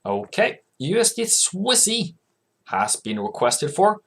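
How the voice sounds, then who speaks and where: Guy walking through forex charts, pitch jumps all over, keeps asking himself stuff then answering, calls folks mate. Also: sing-song, slow, creaky, a bit bright. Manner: asks himself questions and answers them; chatty, coaxes viewers as "mate". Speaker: forex trading channel host. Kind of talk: casual chart-analysis commentary.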